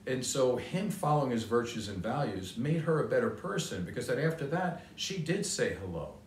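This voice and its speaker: A man's voice: medium pitch, big pitch swings, moderate pace, slight background noise. An older man giving a motivational talk with a personal story, earnest and conversational, repeating his key points. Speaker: motivational speaker. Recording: roomy sound from a distance.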